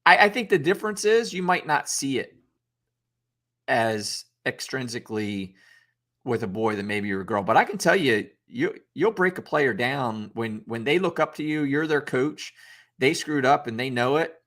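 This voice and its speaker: A man's voice: mid-range voice, expressive, normal speed, fairly bright tone. A man who coaches youth football, talking through leadership in a loose, unscripted podcast debate, with lots of restarts and acted-out coach quotes. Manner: rambling, many restarts, acts out coach quotes.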